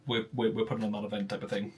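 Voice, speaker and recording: A man's voice: lowish voice, flat delivery, very fast, darkish tone, slightly rough. A young man in his twenties hosting a casual podcast chat, rambling with many restarts.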